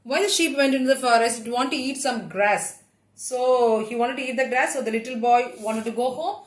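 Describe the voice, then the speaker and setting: A woman's voice: on the high side, fast. A woman teacher with a Tamil accent telling a story to children, chatty and asking them questions. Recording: echoey room.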